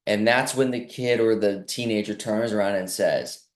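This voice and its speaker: A man giving an earnest health talk as a reflective monologue, often acting out quoted voices and slowing down for emphasis. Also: fairly low pitch. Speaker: clinic health speaker.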